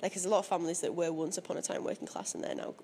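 A young woman answers interview questions in an easy, opinionated way and laughs often. Her voice is slightly low with a gravelly texture. Her pitch moves a lot. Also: expressive, racing, dark tone, slight background noise. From Leeds area, Northern England. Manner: chatty and opinionated, with frequent laughs. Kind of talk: casual interview chat.

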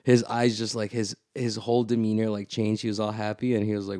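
In a relaxed podcast conversation, a man with a lowish voice tells a story briskly, peppering it with "like," swearing freely, and acting out what other people said. The sound is clean studio audio with no echo.

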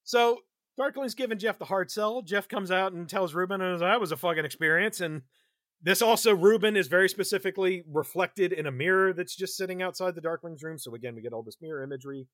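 A man hosting a podcast, recapping a film in casual chat, animated and quick to laugh. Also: high voice, no room sound, clean studio sound. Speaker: podcast host.

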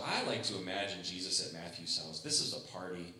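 A man's voice: sits low, fairly quick, hardly any pauses, sharp tone, a little hiss or hum. A man preaching a sermon as pastor, conversational and humorous, often acting out the voices he quotes. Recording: echoey room.

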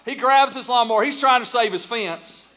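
Middle-aged preacher guy, high voice, funny storytelling sermon, goes quiet and earnest when he teaches. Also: moderate pace. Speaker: pastor.

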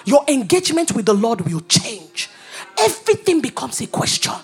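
A woman preaching a sermon, animated and humorous, dropping to whispers and rising to shouts. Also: high-pitched, moderate pace, faint music behind.

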